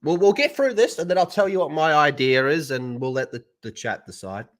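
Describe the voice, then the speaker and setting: A man's voice: on the high side, lively intonation, fairly quick. An Australian man hosting a live stream, talking in a crude, joking way and swearing often. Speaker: streamer host. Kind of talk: casual live-stream chat.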